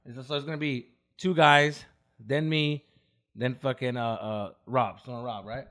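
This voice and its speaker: A young man casually telling a long story on a podcast, animated and heavy on slang and profanity, acting out what people said. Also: medium pitch, measured pace. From United States. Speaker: podcast co-host.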